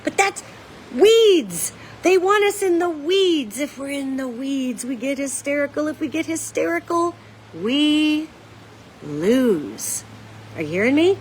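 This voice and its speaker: Woman monologue host with a high voice: blunt, folksy, urgent, and addressing the audience directly. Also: expressive, slow pace, slight background noise, poor audio. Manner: emphatic, urgent, talks straight to viewers as "guys"; folksy and blunt, casual swearing. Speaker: psychic commentator and show host.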